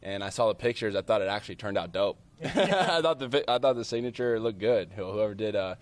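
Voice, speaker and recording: A man in a played interview clip, recounting something in a relaxed, matter-of-fact way. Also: on the low side, a little fast.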